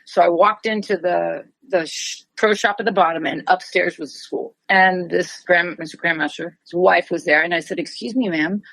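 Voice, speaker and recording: A woman's voice: fairly low pitch, normal speed, vocal fry, few pauses, no echo, rough recording. A woman in her sixties, a martial arts master, telling stories as a guest in an interview and acting out other people's lines. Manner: lively, acts out other people's lines in quoted voices. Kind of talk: storytelling in a conversational interview.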